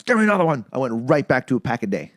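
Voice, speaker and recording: A man hosts a casual podcast chat, spinning long stories full of swearing and acting out the other people in them. His voice is animated, with pitch that leaps around, and the recording is dry and close with no room sound. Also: racing, no echo. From Canada. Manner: swearing storyteller, acts out quoted voices. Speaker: podcast host.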